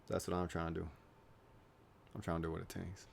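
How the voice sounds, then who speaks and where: A man's voice: deep voice, completely flat delivery, a little fast, creaky, a little hiss or hum. A young man talking casually to camera in a rambling, self-mocking way, joking about himself and his goals. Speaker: YouTuber. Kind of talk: casual vlog monologue.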